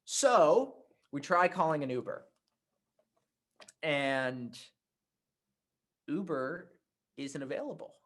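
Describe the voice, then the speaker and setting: A man teaching a writing workshop, telling a personal anecdote in a conversational, animated way. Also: on the high side, slow, pauses often. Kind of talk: workshop talk with storytelling.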